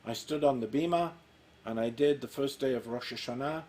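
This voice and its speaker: A man's voice: mid-range voice, a little fast, low-quality recording. Man in his sixties telling a story. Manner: warm storyteller, acts out quoted dialogue. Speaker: cantor, interview guest. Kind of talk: storytelling in a casual interview. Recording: faint background noise.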